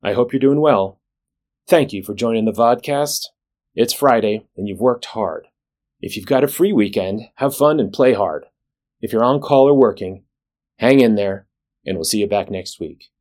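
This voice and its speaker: A man who is a physician and the show's host reads a scripted weekly recap in a measured, plain way, with a dry sense of humor. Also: lowish voice, lively intonation, darkish tone. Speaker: physician leader and podcast host.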